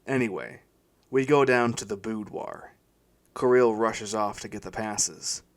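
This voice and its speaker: Slow gravelly male story reader. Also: on the low side. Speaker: audiobook narrator. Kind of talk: first-person story reading.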